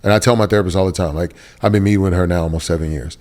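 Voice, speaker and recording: A man's voice: low-pitched, fairly even intonation, rapid-fire, darkish tone. A man from Texas, an interview guest giving a candid, emotional personal testimony with casual slang. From Texas, USA.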